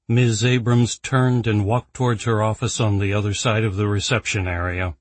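A man narrating an audiobook in a steady, even storytelling manner. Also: on the low side, normal speed, dry recording.

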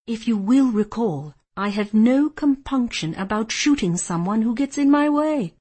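Lady reading as a bored, icy gentleman kidnapper, breathy voice, drawls his threats. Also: fairly high pitch, animated, a little slow. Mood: cold menace. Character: cold, menacing gentleman kidnapper, adult man.

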